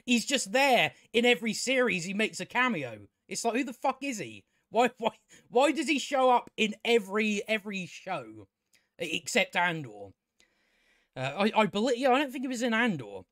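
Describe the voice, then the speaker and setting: A man's voice: high-pitched, very animated, normal speed, fairly bright tone, no echo, clean studio sound. A man giving a casual, ranting show review, stumbling over and repeating his words, profane and scornful. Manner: stammers and repeats words often.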